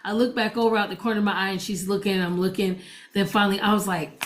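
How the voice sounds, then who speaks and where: A woman's voice: medium pitch, level tone, fast talker, slight background noise. A woman preacher and gospel DJ telling a personal testimony to an audience, chatty, acting out the dialogue. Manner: chatty storytelling that acts out quoted dialogue.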